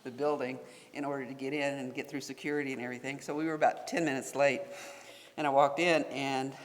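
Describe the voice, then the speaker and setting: A man's voice: medium pitch, little pitch movement, fast, slight background noise. A man speaking as a tribal leader, telling a wry anecdote at a symposium. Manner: storytelling, wry, chuckling. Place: conference hall. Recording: long reverb of a hall.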